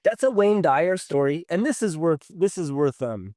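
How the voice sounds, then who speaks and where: A man's voice: on the high side, animated, normal speed, darkish tone, no room sound, clean studio sound. A man co-hosting a podcast, an earnest storyteller who swears casually and laughs often. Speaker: podcast co-host.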